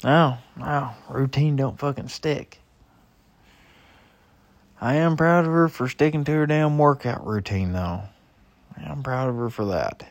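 Slow, profane, griping young man. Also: mid-range voice, creaky, no room sound, highs cut off. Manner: heavy swearing, griping and exasperated. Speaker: husband venting. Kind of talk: profane personal rant.

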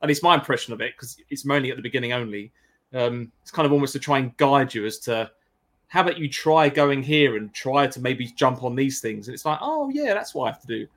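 A man's voice: medium pitch, brisk, a bit bright. A man co-hosting a casual chat about a game, rambling and reading out chat comments. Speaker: podcast co-host.

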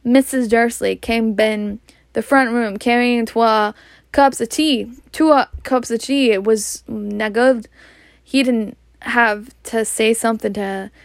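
Slow Scottish woman reading a storybook. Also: a little high, fairly even intonation, no echo, studio quality. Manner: unhurried, stumbles and laughs at words. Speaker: reader.

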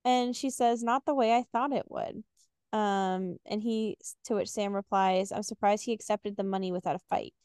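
A woman's voice: mid-range voice, steady tone, moderate pace, a little mellow, clear, resonant tone, no echo, studio quality. A young woman co-hosting a podcast, recapping a novel and reading passages aloud with casual fillers. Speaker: podcast co-host.

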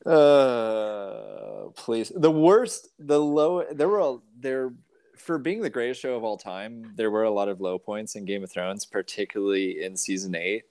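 Gravelly low-voiced man rambling on a podcast. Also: slow pace, no room sound. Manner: rambling, many fillers and restarts, animated. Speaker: podcast host. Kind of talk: casual podcast chat.

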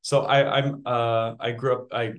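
A man from Canada with a mid-range voice speaks quietly as an actor guest in an interview. He hesitates and restarts his sentences often. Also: medium pitch, little pitch movement, unhurried. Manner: soft-spoken, hesitant, many restarts. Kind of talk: casual interview chat.

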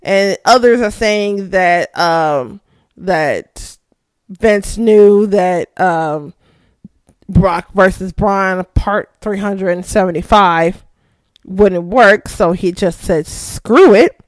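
A young woman hosting a casual recap show, excitable, laughing often and swearing freely. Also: mid-range voice, very slow, no echo. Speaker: podcast host.

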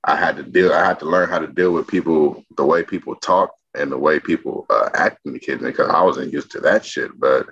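A man who works as an executive chef, chatting as a podcast guest and telling animated stories full of slang and swearing. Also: very deep voice, a little fast, few pauses, slightly rough. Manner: animated storytelling heavy with slang and profanity. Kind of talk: casual interview chat. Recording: dull lo-fi podcast audio.

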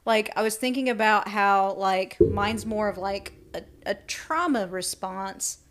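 A woman's voice: medium pitch, unhurried. A young woman co-hosting a casual podcast, talking openly and animatedly, laughing often and acting out little voices as she tells stories. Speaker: podcast co-host. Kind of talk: casual chat.

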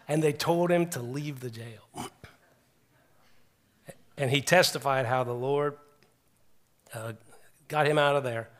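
A middle-aged man preaching a sermon, earnest and animated, with frequent restarts as he retells stories. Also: mid-range voice, a little slow, pauses often.

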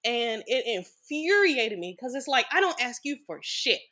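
A woman's voice: a little high, sing-song, a little slow, bright, forceful tone. A woman guest on a podcast, telling a personal story in a blunt, frank way and swearing freely.

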